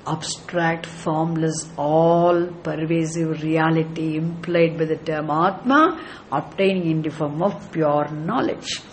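A man's voice: a little high, fairly even intonation, slow, slight background noise. A man teaching scripture as a spiritual teacher, emphatic and repetitive, with frequent chuckles. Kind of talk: scripture lecture.

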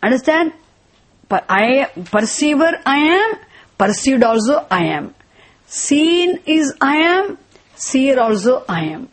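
A woman teaching scripture in a slow, repetitive lecture, asking rhetorical questions and chanting verses. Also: sits high, sing-song.

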